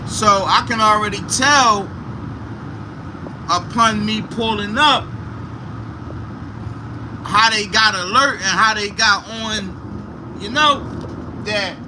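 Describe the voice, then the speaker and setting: A man on a livestream, talking from inside his vehicle while driving, telling a story in an animated, profane way with sound effects. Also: sits high, slow pace, pauses often. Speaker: livestream host. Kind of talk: casual storytelling. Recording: car noise in background.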